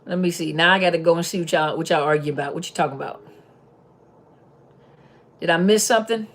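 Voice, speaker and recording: A woman hosting a casual live-stream Q&A, reading viewers' comments aloud and reacting to them in an animated, chatty way. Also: fairly low pitch, quick pace. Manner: animated, repeats short exclamations. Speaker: host answering viewers.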